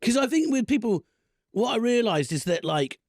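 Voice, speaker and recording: A man's voice: very high-pitched, very animated, normal speed, no room sound, studio quality. A male comedian guest telling rambling stories in a casual podcast chat, laughing often.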